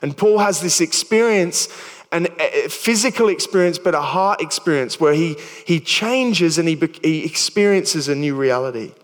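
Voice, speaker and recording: A man's voice: fairly high pitch, expressive, normal speed, in a large hall. A man in his thirties with an Australian accent, preaching a sermon in a chatty, stumbling way with self-deprecating jokes. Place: church hall.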